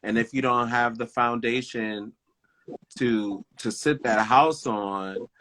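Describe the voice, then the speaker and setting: A man's voice: medium pitch, fairly even intonation, slow, fairly bright tone, slight background noise. A man co-hosting a podcast in casual chat, talking emphatically and often checking in with "you know what I mean". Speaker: podcast co-host.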